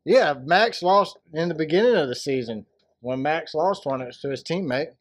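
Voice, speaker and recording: A man's voice: a little high, lively intonation, moderate pace, no echo. A man co-hosting a casual racing podcast, bantering and laughing a lot. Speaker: podcast co-host. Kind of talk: casual joking chat.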